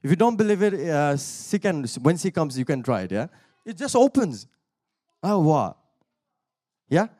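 A man's fairly high, warm voice swings widely in pitch as he preaches a sermon at a normal speed, leaving long pauses. He shares his personal testimony in a relaxed, conversational manner, laughing often between sentences, then climbs into emphatic appeals to his listeners.

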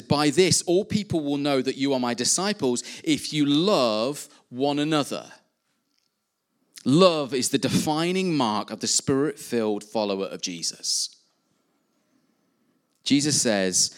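A man preaching a sermon, earnestly rising and dropping in emphasis. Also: mid-range voice. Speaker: pastor.

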